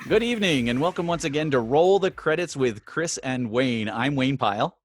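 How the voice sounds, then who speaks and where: A man co-hosting a film festival podcast, chatting casually and telling stories with animated, laughing energy. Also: mid-range voice, moderate pace, faint music behind. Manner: animated storyteller, laughs easily. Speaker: podcast co-host. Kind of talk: casual chat.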